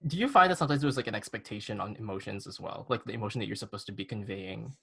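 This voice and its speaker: A man's voice: lowish voice, very fast, vocal fry, sharp tone, breathy edge. A man co-hosting a casual podcast chat, laughing often and mimicking other people's voices in his quotes. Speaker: podcast co-host. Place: studio.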